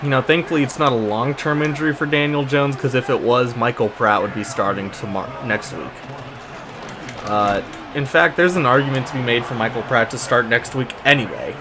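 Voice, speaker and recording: A man's voice: mid-range voice, a little fast, background noise. A man giving casual, sarcastic commentary over his own football video game, exasperated and talking through the plays as they happen. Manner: exasperated, sarcastic play-by-play with frequent restarts. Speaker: gaming YouTuber.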